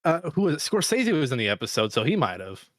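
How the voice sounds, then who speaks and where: A man co-hosting a podcast in casual chat, animated, laughing often and slipping into put-on voices. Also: on the high side, quick pace, no room sound, studio quality. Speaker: podcast co-host.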